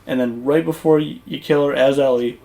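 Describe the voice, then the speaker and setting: A gaming YouTuber talking casually over gameplay footage, rambling and conversational with lots of fillers and restarts. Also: male voice, medium pitch, fairly even intonation, a little fast, gravelly, warm tone.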